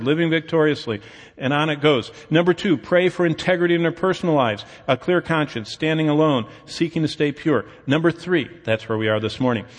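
A man's voice: a little high, big-room sound. A male pastor preaching a sermon in a conversational, storytelling way, acting out the dialogue of the people in his stories.

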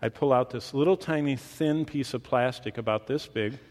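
A man preaching a sermon to a congregation, animated, with his pace and volume shifting for emphasis. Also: mid-range voice, normal speed. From Michigan. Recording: long reverb of a hall.

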